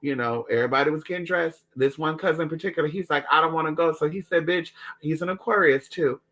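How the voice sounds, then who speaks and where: A man tells family stories in casual, profane, dramatic chat. His voice sits a touch high and bright. He keeps calling his listeners "girl" as he talks. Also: fast. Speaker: storyteller.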